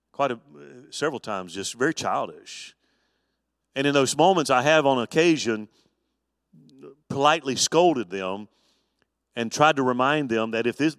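Folksy preaching pastor, dry close mic. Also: male voice, mid-range voice, fairly bright tone, no echo. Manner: conversational preaching with folksy storytelling. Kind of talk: Bible study sermon.

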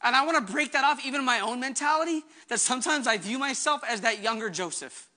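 A male pastor preaching a sermon with earnest, impassioned conviction and quick asides. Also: very high voice, lively intonation, bright, forceful tone.

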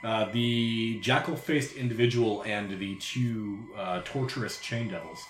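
A man running a tabletop game as game master, quickly explaining rules and describing the scene. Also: on the low side. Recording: echoey room, background noise.

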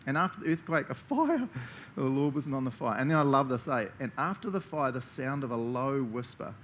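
A man's voice: mid-range voice, expressive, a little fast, fairly bright tone, a little hiss or hum. A man with a New Zealand accent preaching a conversational sermon, enthusiastic and chatty, laughing often as he talks. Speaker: pastor.

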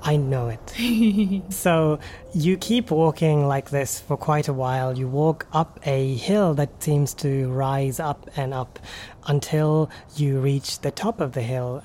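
A woman narrating a tabletop game as game master in a relaxed, conversational way. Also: a bass voice, slight background noise.

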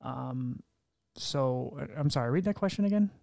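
A young man at middle pitch talks at length on his podcast, frank and loosely rambling. He swears casually and jumps up in pitch to play out quoted lines. The sound is dry and close, with no room around it. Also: animated, moderate pace, creaky, darkish tone, no echo. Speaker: podcast host. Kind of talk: candid conversational interview.

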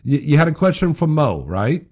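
A man's voice: fairly high pitch, sing-song, normal speed, darkish tone. A man hosting a late-night talk radio show, chatting loosely and joking with his guests and callers. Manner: loose, joking, laughs often. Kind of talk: casual talk radio chat.

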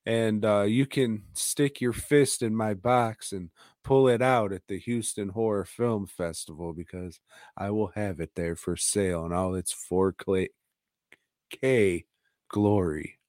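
A man's voice: on the low side, slow pace, darkish tone, dry recording, studio quality. A man co-hosting a podcast, crude and sarcastic, swearing through a casual movie chat. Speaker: podcast co-host.

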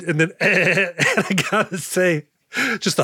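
A man's voice: on the high side, animated, unhurried, pushed and bright, husky, dry recording, clean studio sound. A man co-hosting a casual movie podcast, joking and acting out lines in silly voices. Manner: jokey, acts out movie lines in goofy voices. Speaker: podcast co-host.

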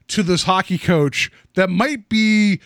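A man's voice: high voice, slow, a bit bright, no echo, clean studio sound. A man casually discussing a movie on a podcast, joking and rambling with lots of fillers. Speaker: podcast co-host.

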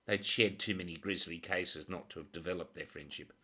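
Man narrating a crime novel, bright tone. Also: low voice, steady tone, slightly rough. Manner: measured, dramatic storytelling. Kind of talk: scripted audiobook narration.

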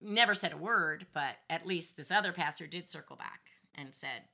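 A middle-aged woman, a podcast guest, telling a story in a casual, indignant and animated way. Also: deep voice, moderate pace. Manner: animated, indignant retelling with lively acted-out quotes.

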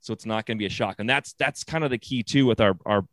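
A man's voice: on the low side, quick pace, dry recording. A man from the construction trade in a casual conversation, explaining things plainly and matter-of-factly and agreeing often. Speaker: construction professional co-host.

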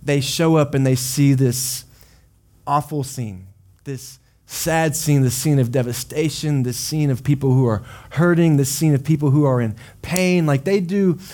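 Animated pastor preaching. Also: male voice, fairly high pitch, measured pace. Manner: conversational, animated storytelling with dramatic quotes. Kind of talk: sermon. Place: church service.

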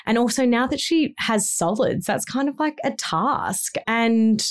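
A woman's voice: fairly high pitch, lively intonation, unhurried. A woman, co-hosting a podcast and talking candidly about life with three young children. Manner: frank, rambling, with self-deprecating laughs. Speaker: podcast co-host, mother of three.

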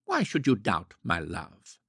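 A man reading the part of a pompous middle-aged gentleman who talks gruffly and blusters, in a low, gravelly voice. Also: wildly swooping pitch, slow, dry recording, clean studio sound, heavily acted.

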